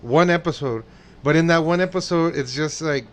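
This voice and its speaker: A man's voice: fairly high pitch, normal speed. A man from El Paso co-hosting a pop-culture podcast in casual chat, rambling with frequent restarts. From El Paso, Texas. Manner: rambling, frequent restarts, quotes voices playfully. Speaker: podcast co-host.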